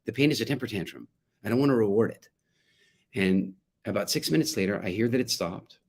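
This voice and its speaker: A man's voice: fairly low pitch, fairly quick, vocal fry, darkish tone, slightly rough. A middle-aged man speaking to parents, telling a family story and acting out the quotes. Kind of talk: talk to parents.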